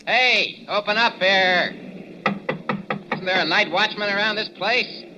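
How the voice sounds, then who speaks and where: An actor playing a brash young newspaper reporter, brisk and questioning, in 1940s radio acting on a dull old broadcast. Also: male voice, medium pitch, lively intonation, heavy background noise, lightly acted.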